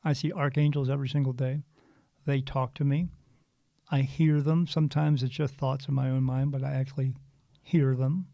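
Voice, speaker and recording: Earnest gravelly man telling a story. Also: medium pitch, normal speed, no echo. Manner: earnest, animated storyteller with frequent restarts. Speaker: spiritual medium guest. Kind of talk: casual storytelling interview.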